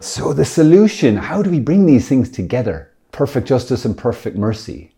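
A man's voice: medium pitch, very animated, normal speed, creaky, hardly any pauses, mellow. A male priest from Ireland giving a casual, jokey teaching talk, chatty and self-deprecating.

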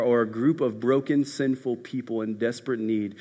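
A man preaching a sermon as a pastor, telling a story and swinging from loud passages to hushed ones. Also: mid-range voice, fairly even intonation, moderate pace, few pauses. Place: church hall. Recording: echoey hall.

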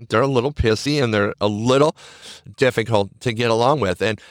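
A middle-aged man speaks in an earnest, encouraging podcast style, coaching his listeners and repeating his main points. His voice sits at an ordinary male pitch. The recording is dry, with almost no room sound. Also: a bit bright, no room sound. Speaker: podcast host. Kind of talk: motivational podcast talk.

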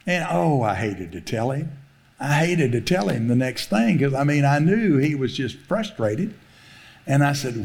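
A man's voice: medium pitch, lively intonation, normal speed, creaky, a little mellow. A middle-aged man, preaching a sermon and telling a story, laughing often and acting out the voices he quotes. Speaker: pastor.

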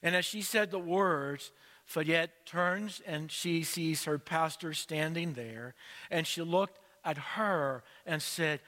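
Slow, bright-voiced male preacher. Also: a little high, big-room sound. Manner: slow, measured storytelling. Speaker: pastor. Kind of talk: sermon.

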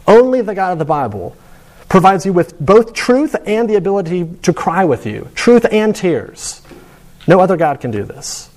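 A man's voice: sits high, expressive, brisk, a little mellow. A man giving a sermon to students in a conversational, storytelling way. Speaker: preacher.

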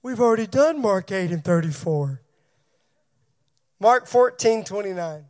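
Very high-voiced male pastor preaching. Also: animated, measured pace, a little mellow. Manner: preaching to a congregation, calling on members by name and asking questions. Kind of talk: sermon. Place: church.

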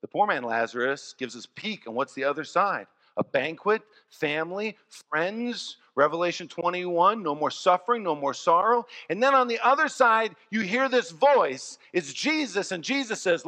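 A pastor preaching a sermon, telling stories in an animated way and swinging from soft, low passages to loud ones. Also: male voice, moderate pace. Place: church. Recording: long church reverb.

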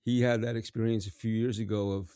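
A man hosting an interview, chatty and quick to laugh as he shares stories with his guest. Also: fairly low pitch, little pitch movement, smooth, no room sound, studio quality. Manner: warm-hearted, chatty, laughs often. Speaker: host. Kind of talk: casual interview chat.

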